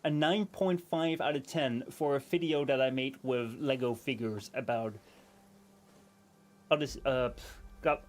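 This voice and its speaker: He speaks at an unhurried pace in a medium-pitched voice. A Dutch native from the Netherlands with an American-leaning accent, he chats informally with viewers while streaming a game, meandering through lots of fillers and restarts.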